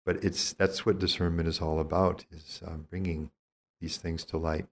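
An older man, a priest, giving a calm and reflective teaching talk on spiritual discernment. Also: deep voice, normal speed. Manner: calm, reflective, gently explanatory.

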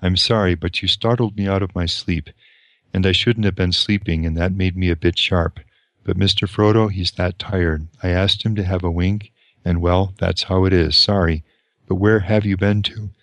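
A blunt, loyal young servant who talks roughly, read by a man. The voice is deep and low, and the recording is dry. It sounds like a storybook read aloud. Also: steady tone, moderate pace, fairly bright tone, dry recording. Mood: apologetic.

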